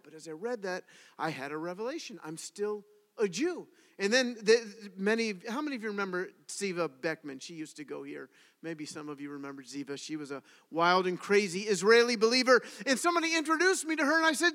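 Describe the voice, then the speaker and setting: High-pitched man preaching in a hall. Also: moderate pace. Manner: animated storytelling, asks the audience questions. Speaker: pastor. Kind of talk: sermon. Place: congregation hall. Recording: reverberant hall.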